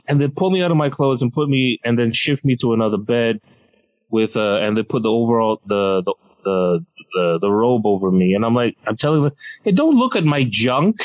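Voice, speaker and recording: A man casually telling a funny story on a podcast, lively and acting out the people in it. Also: rough recording. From Malaysia. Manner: animated, acts out quoted people with big pitch jumps.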